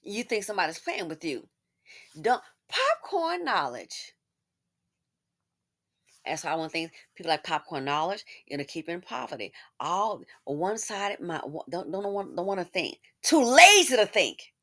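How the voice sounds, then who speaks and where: A woman hosting a commentary channel, talking casually with sarcastic asides that swing between loud exclamations and muttered remarks. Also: lowish voice, big pitch swings, normal speed.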